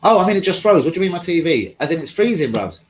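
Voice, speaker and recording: A man's voice: fairly high pitch, very animated, quick pace, slight background noise, rough recording. A man hosting a live stream from home, chatting casually in a rambling, slangy way and talking to his viewers. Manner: rambling, slangy, talks to chat.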